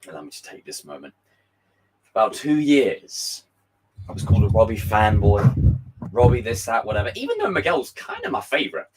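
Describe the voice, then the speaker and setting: A young man hosts a casual live stream, reading viewer messages in a hoarse, worn voice. His pitch swings widely as he gets excited, and he swears freely and sometimes breaks into shouts. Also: poor audio. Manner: animated, swearing, bursts into shouts.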